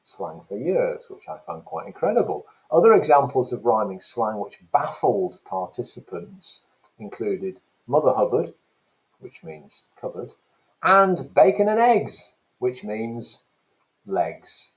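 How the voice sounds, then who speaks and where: A man's voice: medium pitch, very animated, slow pace, rough recording. A man, an English teacher, giving a recorded lesson, reading passages aloud and explaining them. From England. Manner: explanatory, reads passages aloud then comments.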